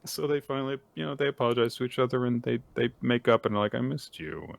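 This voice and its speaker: A man co-hosting a manga podcast, casually recapping chapters and acting out characters' lines with lively energy. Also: mid-range voice, rapid-fire, gravelly, no room sound.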